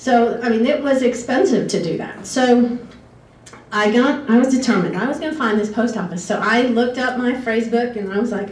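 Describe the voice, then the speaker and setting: This woman's voice is on the high side and fairly quick as she recounts her exchange-student days. Her storytelling is chatty and full of tangents and frequent laughter, captured on a distant mic in an echoey room with faint background hiss.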